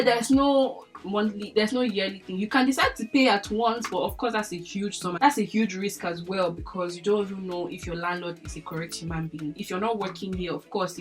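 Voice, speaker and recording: A young woman in her twenties with a Nigerian accent, chatting casually to camera as a vlogger, lively, laughing often and filling with "like". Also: lowish voice. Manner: chatty, animated, laughs often, many fillers like "like".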